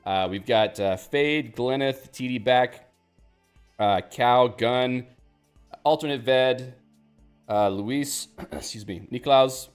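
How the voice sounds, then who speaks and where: A man's voice: mid-range voice, slow pace, long pauses, smooth, soft background music. A man hosting a live stream in a casual, joking, self-deprecating way, reading viewer chat aloud.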